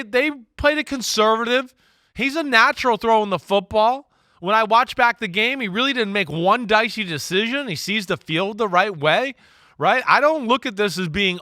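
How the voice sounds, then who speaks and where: Emphatic high-voiced man talking football. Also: normal speed, no echo, clean studio sound. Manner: animated, emphatic, trails into restarts. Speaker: co-host, football analyst. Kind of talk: casual sports chat.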